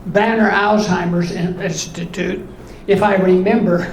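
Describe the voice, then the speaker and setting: A man in his eighties doing stand-up in a comedy club, telling deadpan one-liners in a voice left high by voice surgery. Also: a little slow. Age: 80s. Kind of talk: stand-up routine. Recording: echoey club with room noise.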